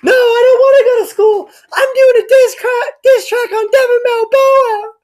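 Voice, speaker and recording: A man voicing a whiny young boy in a squealing, tearful, very high voice. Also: fairly even intonation, moderate pace, darkish tone. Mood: whining.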